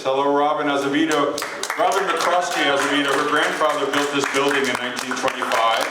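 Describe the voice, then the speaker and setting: A man who runs a bookstore hosts a memorial reading, introducing it informally with many fillers and restarts. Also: mid-range voice. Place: bookstore event space with an audience. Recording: echoey, noisy room from a distance.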